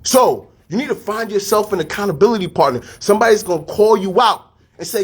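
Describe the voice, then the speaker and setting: A man giving a casual motivational talk, energetic and full of street slang, repeating his phrases. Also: high voice, fairly quick, slightly rough. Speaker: fitness studio staff and podcast host.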